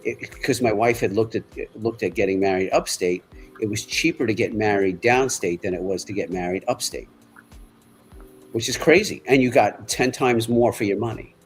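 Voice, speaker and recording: A middle-aged man, telling stories in a halting, rambling way in casual chat. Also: lowish voice, soft background music, low-quality recording. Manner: rambling, halting storyteller with many restarts. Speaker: livestream co-host.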